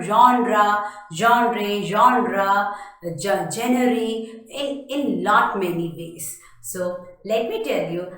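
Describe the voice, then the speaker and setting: A woman teaching English pronunciation, speaking emphatically, repeating each word and spelling it out letter by letter. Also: medium pitch. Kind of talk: slow spoken pronunciation lesson. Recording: very echoey room.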